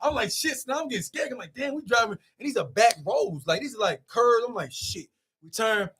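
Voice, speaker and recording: A young man telling a road story in casual, animated talk, swearing as he goes. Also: extremely high pitch, slightly rough. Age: young adult. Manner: animated, swearing, quick rambling with loud swings. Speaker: guest.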